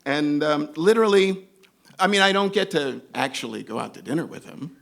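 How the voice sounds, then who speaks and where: A man's voice: fairly high pitch, normal speed, vocal fry. A man telling a comic story from his life to an audience, acting out the voices of the people in it. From New York. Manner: animated, acts out other characters' voices. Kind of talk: live comedic storytelling.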